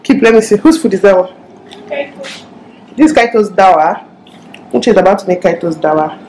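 A woman's voice: medium pitch, big pitch swings, warm tone. A woman with a Nigerian accent chatting casually to her viewers in a home vlog, talkative and joking. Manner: chatty, joking, talks fast and a lot. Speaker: mom vlogger. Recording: echoey room with faint background noise.

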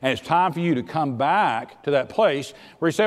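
A middle-aged man preaches in a folksy, plainspoken way, moving from quiet earnestness to loud urging. His voice sits a little high for a man. A long reverb from the church sanctuary trails his words. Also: animated, moderate pace, few pauses. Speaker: pastor. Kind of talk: sermon.

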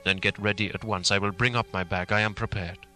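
A man voicing an elderly professor who speaks gravely and urgently in a measured, commanding way, over faint music. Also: on the low side, steady tone, bright, forceful tone.

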